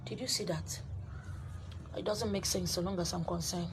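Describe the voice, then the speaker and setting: A Nigerian woman, a spiritual teacher, preaching to camera and selling her handouts, emphatic, repeating phrases, swinging from loud to hushed. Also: fairly low pitch, steady tone, normal speed, long pauses, slight background noise.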